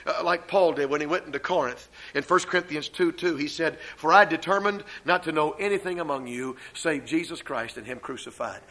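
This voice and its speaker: An older man preaches from the pulpit. He drops into slow, heavily stressed refrains, then hurries through asides in a fairly high voice. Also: bright, forceful tone, rough recording. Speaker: pastor. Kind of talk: sermon.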